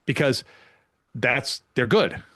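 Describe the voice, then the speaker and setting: A man, a pickleball coach, telling stories in a casual podcast chat, animated and full of restarts. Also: mid-range voice, no echo, studio quality. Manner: fast, animated storytelling with many restarts.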